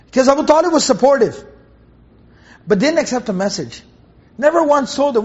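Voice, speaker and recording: A man teaching a Quran commentary lesson in an earnest way, repeating phrases for emphasis and reciting Arabic verses slowly. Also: very high-pitched, lively intonation, darkish tone. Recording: dull, muffled lo-fi recording.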